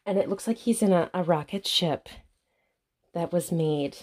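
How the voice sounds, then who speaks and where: A woman with a Midwestern accent talks through an unboxing on her home vlog, her voice sitting slightly low. She gushes and gasps in excitement, filmed on a camera set up on a tripod. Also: normal speed. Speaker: vlogger.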